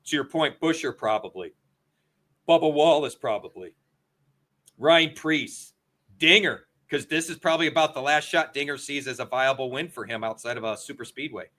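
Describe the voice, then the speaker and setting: A chatty, excitable man co-hosting a racing talk over a video call. His voice is bright and forceful, at an ordinary middle pitch. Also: moderate pace. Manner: chatty and excitable, laughs often. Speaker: podcast co-host. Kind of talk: casual sports betting chat.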